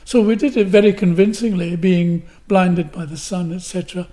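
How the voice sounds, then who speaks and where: An older guest actor from Glasgow, Scotland, tells anecdotes vividly, acting out the lines he quotes. His voice sits high and warm, with fairly even intonation and a moderate pace.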